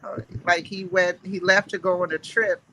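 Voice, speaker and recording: A woman's voice: fairly low pitch, level tone, normal speed, pushed and bright, dull audio, a little hiss or hum. A middle-aged woman, a podcast guest who chats openly, laughs often and calls herself emotional. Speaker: guest cast member. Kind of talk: casual chat.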